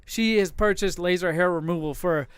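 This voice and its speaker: Male podcast co-host with a high, resonant, dry-sounding voice, animated and crude. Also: normal speed, smooth, no echo. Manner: animated, profane, acts out his wife's lines. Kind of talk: casual crude storytelling.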